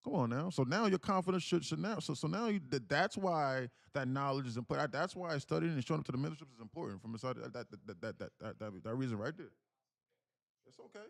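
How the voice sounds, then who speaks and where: Man, stream host, mid-pitched with a gravelly rasp; casual, slangy live market commentary. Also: fast talker. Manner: animated, reads chat aloud, slangy and profane.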